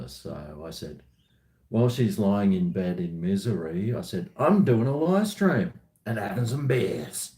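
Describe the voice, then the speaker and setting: A man's voice: sits low, mellow, echoey room. An Australian man chatting casually on a live stream at home, joking with viewers in a laid-back way. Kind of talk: casual live-stream chat while drinking.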